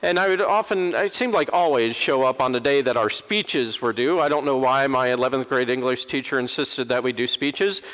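A middle-aged man, an Episcopal preacher, giving a lively sermon and acting out the people he quotes. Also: medium pitch, moderate pace, hardly any pauses. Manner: animated, acts out quoted voices. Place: large church. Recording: long church reverb.

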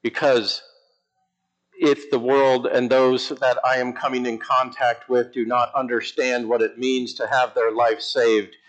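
A man who is an Episcopal priest, preaching a lively, emphatic sermon in church with humorous asides. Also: medium pitch, unhurried, poor audio.

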